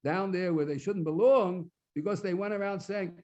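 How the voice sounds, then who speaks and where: High-voiced man teaching Talmud, lo-fi. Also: normal speed, darkish tone. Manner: explains source texts phrase by phrase, translating as he goes; repeats words while searching for the phrase. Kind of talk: Talmud lecture at a study completion. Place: synagogue hall. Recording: dull lo-fi recording.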